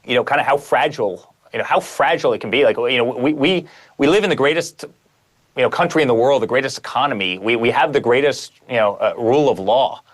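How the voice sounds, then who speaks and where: A man's voice: medium pitch, fast. A man speaking as a guest author in a conversational interview, emphatic and piling up repeated phrases.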